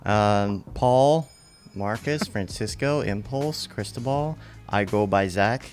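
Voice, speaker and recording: A man's voice: on the low side, takes it slowly, music in the background. A man hosting a podcast livestream, chatting casually and greeting listeners by name in a playful, upbeat way. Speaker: podcast host. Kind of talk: casual pre-show chat on a livestream. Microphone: remote call setup.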